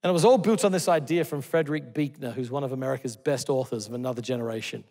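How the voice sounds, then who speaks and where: Pastor preaching in a reverberant hall. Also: male voice, mid-range voice, fast talker. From Australia. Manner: earnest storytelling, swings between loud exclamations and hushed tender lines. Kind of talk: sermon.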